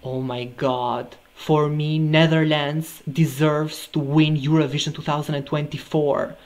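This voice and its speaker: A man's voice: fairly high pitch, flat delivery, unhurried. A man recording a music reaction video. He gushes with repeated exclamations of delight. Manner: gushing and effusive, repeating exclamations. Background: faint music from the video being watched.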